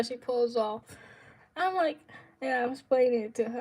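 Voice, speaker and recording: A woman's voice: sits high, a little fast, darkish tone. A young woman vlogger telling a personal story in casual, slangy speech, dramatic and full of laughs.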